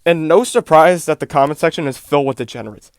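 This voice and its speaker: A man with a high voice delivers an exasperated commentary rant, packed with "like" and "bro". The sound is dry and close, with no room echo. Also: fast talker, clear, resonant tone. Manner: exasperated, fills talk with "like" and "bro". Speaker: YouTube commentator.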